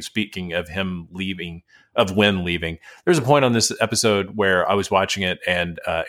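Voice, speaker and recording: A man co-hosting a podcast, rambling and nitpicking a TV episode in casual chat, quick to laugh. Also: sits low, a bit bright. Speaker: podcast co-host.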